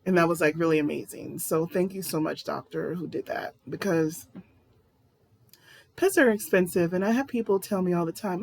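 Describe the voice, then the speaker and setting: A woman's voice: on the low side, normal speed, gravelly. A woman talking casually to camera in a personal vlog, rambling and candid. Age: adult. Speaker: vlogger.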